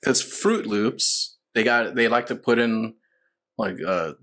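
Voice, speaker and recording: A man's voice: on the low side, takes it slowly, a bit bright. A man in casual podcast chat, swearing often and getting riled up.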